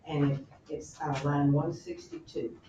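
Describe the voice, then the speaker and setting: Brief: lively woman teacher lecturing, far from the mic in a roomy classroom. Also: sits low, slow pace, slight background noise. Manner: animated, chatty, self-correcting. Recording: roomy, distant, dull classroom recording.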